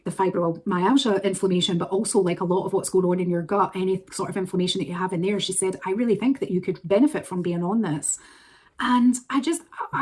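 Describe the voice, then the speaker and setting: A woman's voice: medium pitch, darkish tone. A middle-aged woman chatting to camera in a vlog, gushing and rambling with fillers and restarts. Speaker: vlogger. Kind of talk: casual chat to camera.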